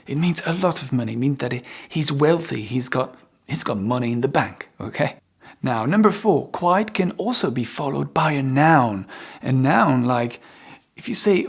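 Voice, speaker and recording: Gravelly husky male English teacher. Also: mid-range voice, moderate pace. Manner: explains patiently with many examples and checks "okay?"; lively, upbeat sign-off. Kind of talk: online English lesson.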